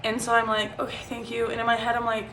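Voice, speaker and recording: A woman's voice: fairly high pitch, completely flat delivery, fast, fairly bright tone, slight background noise. A woman in her twenties, telling a personal story in a chatty, casual way, full of "like" and "um". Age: 20s. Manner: chatty, frequent "like" and "um" fillers. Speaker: vlogger. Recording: roomy echo.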